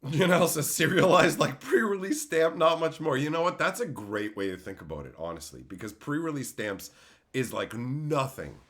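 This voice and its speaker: A man hosting a livestream, chatting casually with his viewers. His voice is bright and forceful and swings widely in pitch. He talks bluntly, swears freely and breaks into loud outbursts. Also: big pitch swings, moderate pace. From Canada. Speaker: streamer host.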